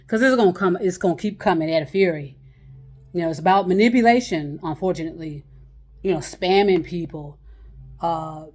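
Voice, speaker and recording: A woman with a fairly low voice talks straight to her viewers without a script. She rambles from thought to thought, blunt and profane, often breaking into a laugh before going on. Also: a little mellow. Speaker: channel host giving communication tips. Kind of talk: unscripted casual monologue.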